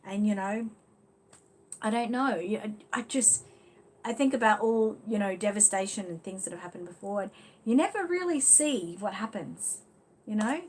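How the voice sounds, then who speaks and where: A woman's voice: medium pitch, normal speed. An Australian woman hosting a casual live stream. She talks in a loose, chatty way, answering viewers as she goes. Her phrasing is full of easy fillers and friendly asides. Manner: chatty, leans on "you know" fillers. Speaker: livestream host. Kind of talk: casual live chat reading viewer comments.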